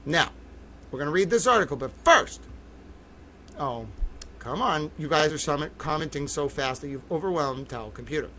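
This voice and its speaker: A man hosting a livestream as a reporter, giddy and sarcastic with loud profane outbursts. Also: fairly high pitch, lively intonation, moderate pace, slight background noise. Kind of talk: ranting livestream commentary.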